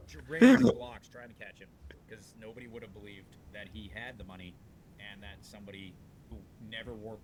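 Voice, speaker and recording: A man's voice: fairly low pitch, normal speed, crowd noise. A man who owns a dealership, talking casually and bluntly, telling stories with lots of restarts. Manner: rambling, animated storyteller with frequent restarts; salty, blunt talk. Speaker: dealership owner. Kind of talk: casual storytelling on a podcast.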